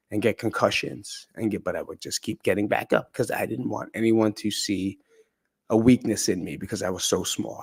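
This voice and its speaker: A man candidly telling a personal story in a conversational, profane way. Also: lowish voice. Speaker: podcast speaker.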